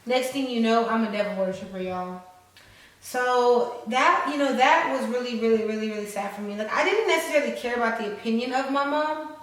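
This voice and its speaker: A young woman vlogger tells a personal story, casual and profane, playing up the drama for her viewers. Her fairly high voice echoes heavily around the room, and the mic sits at some distance. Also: a little fast, fairly bright tone. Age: 20s. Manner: frank, profane, dramatic, talks to viewers as y'all.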